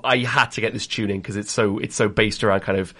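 Young guy talking fast, rambly and excited, radio chat. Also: fairly low pitch. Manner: enthusiastic, rambling. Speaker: radio co-host.

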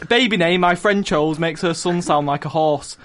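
A man's voice: on the high side, moderate pace. A young man casually reading out funny news headlines on a student-style radio show, joking and correcting himself. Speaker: news segment presenter.

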